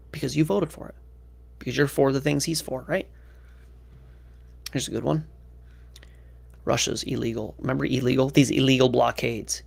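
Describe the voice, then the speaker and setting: Podcast host, male, very gravelly fry, sarcastic commentary tone. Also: medium pitch. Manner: sarcastic, mocking, with frequent "like" and "right?". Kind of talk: casual commentary reading news aloud.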